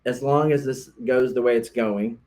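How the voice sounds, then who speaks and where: A man's voice: medium pitch, steady tone, normal speed, a little mellow. A man, a realtor, co-hosting a casual podcast chat, explaining earnestly and often restarting his sentences.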